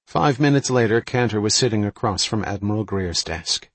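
A man narrating an audiobook in an even, matter-of-fact way. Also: on the low side, normal speed, no room sound. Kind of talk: scripted narration.

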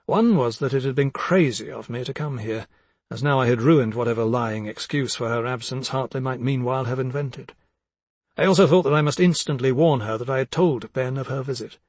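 A man narrating a literary audiobook in a measured, reflective way. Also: mid-range voice, a little mellow, slightly rough, no echo.

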